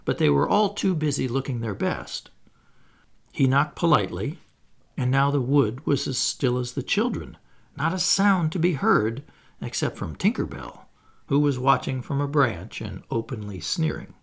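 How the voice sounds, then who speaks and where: A man reading a children's storybook aloud in an expressive narrating style. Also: mid-range voice, moderate pace, vocal fry. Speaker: audiobook reader.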